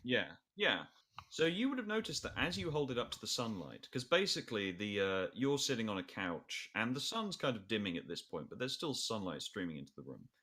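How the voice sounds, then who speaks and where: A man narrating a tabletop game as game master, with a halting delivery full of fillers. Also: lowish voice, sing-song, bright, forceful tone.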